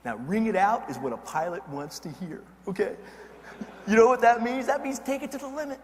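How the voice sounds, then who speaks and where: A fast-talking man with a high, bright voice tells a story to a crowd, building the excitement with dramatic swings. His voice rolls out with long reverb in a large hall, over a faint background hiss. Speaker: motivational speaker. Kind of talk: keynote storytelling.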